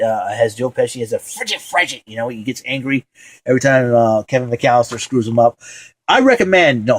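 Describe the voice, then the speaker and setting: A man's voice: medium pitch, husky, dry recording, rough recording. Rambling man hosting a casual vlog. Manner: rambling, many fillers, enthusiastic. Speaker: show host. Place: at home.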